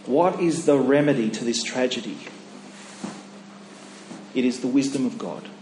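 A man preaching a sermon, emphatic and full of rhetorical questions, dropping his voice low when he voices inner thoughts. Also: normal speed, mellow, slight background noise. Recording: echoey hall, faint ambience.

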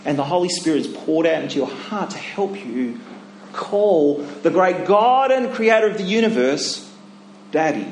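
High-voiced preacher in an echoey hall. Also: male voice, expressive, moderate pace, a little hiss or hum. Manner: emphatic, rhetorical questions, drops low for inner voices. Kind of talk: sermon. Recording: echoey hall, faint ambience.

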